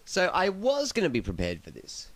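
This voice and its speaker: A young man co-hosting a casual podcast, swearing freely and telling stories with lively put-on quotes. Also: sits high, normal speed. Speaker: podcast co-host.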